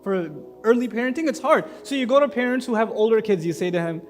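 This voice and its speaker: A man preaching a sermon to a congregation in an animated, humorous, conversational way. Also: high voice, fast talker. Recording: echoey hall with faint music.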